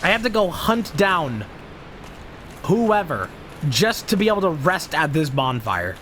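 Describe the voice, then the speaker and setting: A man's voice: a little high, big pitch swings, a little slow, fairly bright tone, a little hiss or hum. A man streaming a video game, ranting at enemies in a profane, exasperated way and sounding frustrated. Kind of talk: live gameplay commentary.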